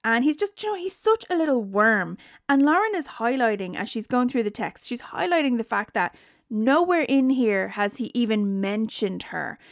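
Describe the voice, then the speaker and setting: Woman, reality tv recap, sarcastic and ranting, fairly high voice, dry close sound. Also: lively intonation, normal speed, no room sound. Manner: sarcastic, ranting, swears freely. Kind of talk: casual spoken recap.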